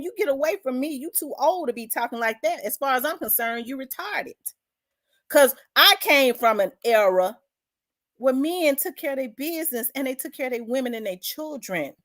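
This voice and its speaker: Memphis woman hosting an opinion vlog, higher-voiced, ranting in blunt and profane talk. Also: fairly bright tone. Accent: Memphis Southern US. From South Memphis, Tennessee. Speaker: host.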